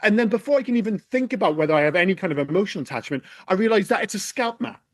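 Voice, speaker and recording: A man with a high-pitched voice co-hosts a casual film podcast. He talks in an animated, exasperated way, swearing freely. The sound is close and dry. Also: racing, dry recording. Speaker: podcast co-host. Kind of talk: casual film review chat.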